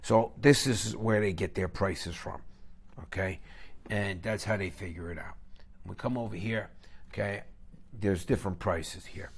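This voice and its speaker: A man's voice: on the low side, gravelly, slightly rough. A man hosting a live trading stream, lecturing bluntly and emphatically and tagging his points with a questioning "okay?". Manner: blunt and scornful.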